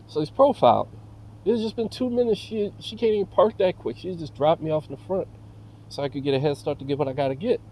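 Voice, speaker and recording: Agitated man ranting, dark voice. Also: a little high, animated, fast, slight background noise, poor audio. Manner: profane, agitated storytelling, heavy fillers. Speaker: vlogger. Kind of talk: casual rant to camera.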